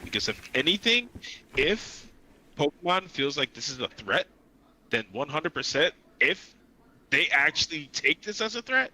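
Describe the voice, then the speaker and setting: A man co-hosts a casual podcast with a sharp, bright voice. He talks earnestly and emphatically, swearing freely. His pitch jumps around. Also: low-quality recording. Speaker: podcast co-host. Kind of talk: casual chat.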